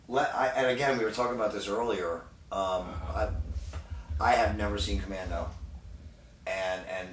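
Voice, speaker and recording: A man's voice: lowish voice, a bit bright. A man hosting a casual radio show, rambling and restarting his lines. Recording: echoey room, mic far off, faint noise.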